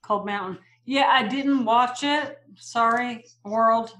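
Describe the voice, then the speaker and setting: In an echoey room, a woman co-hosts a podcast, chatting casually in a blunt, opinionated way and swearing freely. Her voice sits on the high side, a bit bright, and she speaks at a slow pace.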